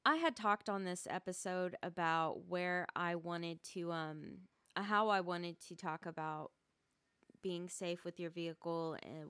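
A woman's voice: fairly low pitch, fairly bright tone, clear, resonant tone, dry recording. A woman hosting a casual solo podcast from her rural home, rambling and often stumbling over her words and restarting. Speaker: podcast host.

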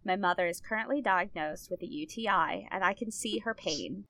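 A woman's voice: medium pitch, normal speed, pushed and bright, no echo. A young adult woman hosting a podcast in casual chat, talking loosely with many fillers and frequent laughs. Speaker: podcast co-host.

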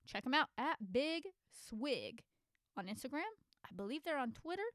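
A woman's voice: high-pitched, big pitch swings, normal speed, a bit bright, no room sound. A woman hosting her own podcast from a home studio, chatting in an enthusiastic, casual way. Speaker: podcast host. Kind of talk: casual solo podcast talk.

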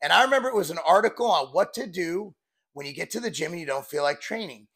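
A man's voice: sits high, lively intonation, fast, fairly bright tone, husky. A man in his forties, a fitness coach, talking candidly and bluntly in a rambling, casual vlog style. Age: 40s.

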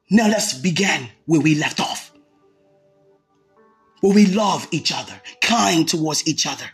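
A woman preaching a fervent sermon, repeating phrases and bursting into shouts. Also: low voice, animated, unhurried, long pauses, breathy edge, faint music behind. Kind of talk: impassioned sermon.

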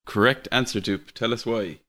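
Irish man, quiz host, fairly low voice, relaxed chuckling banter. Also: normal speed. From Ireland. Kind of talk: casual podcast quiz.

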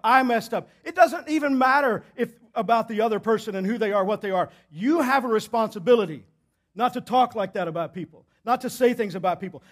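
This is a high-pitched male pastor giving a church sermon. His delivery is emphatic and repetitive on key points, alternating between loud moments and hushed ones.

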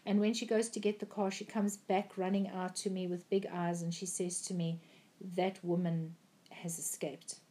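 A woman's voice: mid-range voice, level tone, fairly quick, hardly any pauses, mellow. A woman earnestly recounting a prophetic dream, with frequent ums and restarts. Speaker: Christian speaker.

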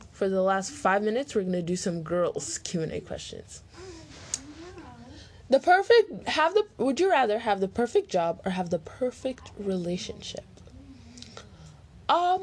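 A woman's voice: medium pitch, mellow. A teenage girl answering Q&A questions for her vlog in a rambling, chatty way, full of fillers, into a laptop mic. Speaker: vlogger. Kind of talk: casual Q&A vlog. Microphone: laptop microphone.

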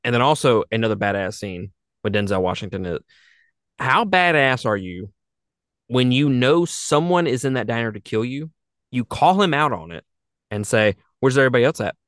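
In studio-quality audio with no room sound, a man co-hosting a podcast chats about a movie at normal speed in a mid-range voice. He's animated, laughing a lot and swearing freely in this casual review.

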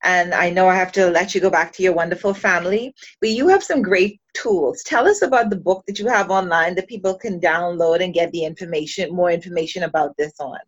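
A woman with a fairly low voice hosting a podcast interview. She asks guiding questions and encourages her guest. The audio is dull and lo-fi. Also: brisk, hardly any pauses. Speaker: podcast host.

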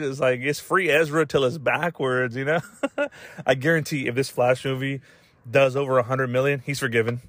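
A man's voice: mid-range voice, steady tone, a little fast, no echo. A young man hosting a podcast, rambling casually with lots of swearing and laughter. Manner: loose, profane, rambling with laughs. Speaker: podcast host. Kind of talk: casual rant.

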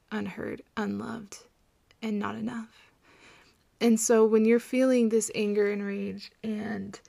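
A woman's voice: mid-range voice, creaky, no echo. A woman in her thirties hosting a coaching podcast, talking in an earnest, reassuring way and repeating phrases for emphasis. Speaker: podcast host and postpartum coach. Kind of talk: casual podcast monologue.

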